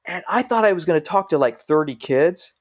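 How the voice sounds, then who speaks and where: Here a middle-aged firefighter on a podcast talks a little fast, his voice leaning high. He tells his stories casually and with energy, voicing the people he quotes.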